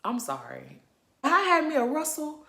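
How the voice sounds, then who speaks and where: A woman's voice: high voice, wildly swooping pitch, moderate pace, creaky, sharp tone. A woman vlogger recapping a reality show in a sassy, gossipy way, laughing often. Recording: roomy echo.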